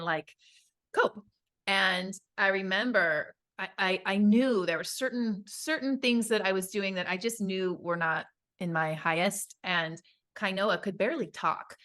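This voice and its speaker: A woman in her thirties co-hosting a casual podcast and telling stories about her children, chatty and animated, with quick laughs. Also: mid-range voice. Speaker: podcast co-host. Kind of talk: casual chat.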